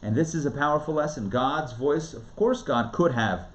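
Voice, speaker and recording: A man, a rabbi, giving a live Torah class in a conversational, emphatic way, swinging between booming lines and hushed ones. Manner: conversational, quick asides and restarts.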